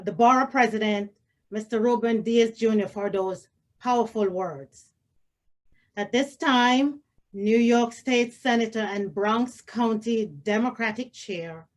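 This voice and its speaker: A woman emceeing a virtual event, introducing speakers in a measured, formal way. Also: on the high side. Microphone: video call.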